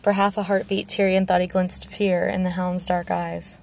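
A woman narrating a fantasy audiobook, her voice low and gravelly with very little rise and fall. She reads in a steady, measured way. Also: slight background noise. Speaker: audiobook reader.

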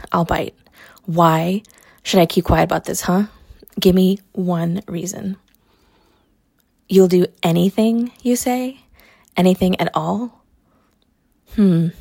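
A woman's voice: on the low side, gravelly, a little mellow, slightly rough, no room sound, clean studio sound. A young adult woman performing a scripted audio role-play, teasing and mocking with frequent laughter. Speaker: college athlete character in an audio role-play.

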